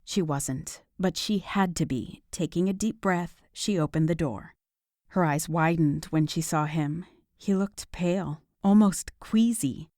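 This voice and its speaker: A woman narrates a romance audiobook in an even, measured way. Her voice sits low, and the recording is close and dry, with no room around it. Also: dry recording. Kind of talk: scripted narration.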